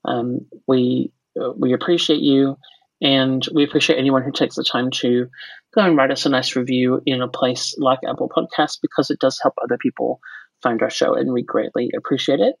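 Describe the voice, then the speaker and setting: A casual podcaster in their forties, from the United States, with an accent blended from American and Australian speech. The voice is gravelly and a little husky, and it rambles, jokes and fills gaps with ums. The sound is dry and close. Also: medium pitch, fairly even intonation, normal speed, dry recording, low-quality recording. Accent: mixed American and Australian. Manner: rambling, joking, lots of fillers. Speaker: podcast co-host.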